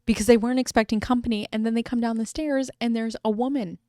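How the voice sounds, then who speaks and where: A young adult woman retelling a story in a casual, dramatic and expressive way. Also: on the high side, quick pace, no echo, studio quality. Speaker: video commentator.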